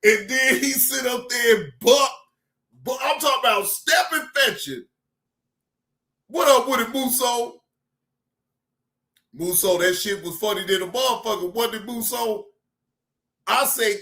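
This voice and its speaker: A man hosting a reaction channel, excitable and profane, laughing often as he comments. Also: very high-pitched, unhurried, pauses often, echoey room.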